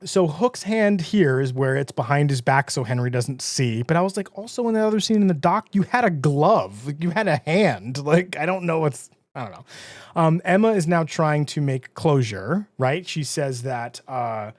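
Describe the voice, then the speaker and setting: A chatty man with a slightly higher voice recaps a show episode in a casual podcast style. He laughs often and drops into quick character voices. The sound is close and dry, with no room around it. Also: expressive, no echo. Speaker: podcast host.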